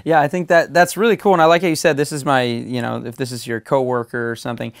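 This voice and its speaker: Man, interview host, smooth resonant voice, hedging questions, dry recording. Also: mid-range voice, steady tone, fast talker, no room sound. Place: conference venue.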